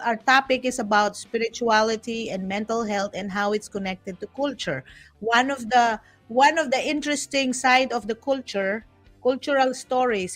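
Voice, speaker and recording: A woman's voice: fairly high pitch, fairly bright tone. A woman with a Filipino accent hosting a casual talk show, chatting with playful asides and frequent restarts. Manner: chatty, switching between English and Tagalog; restarts often and teases herself with playful asides.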